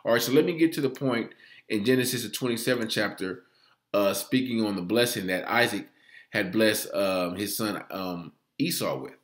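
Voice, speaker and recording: A man's voice: on the low side, normal speed, roomy sound. A man preaching and teaching from scripture, filling almost every phrase with "all right" and often stammering and restarting. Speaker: religious teacher.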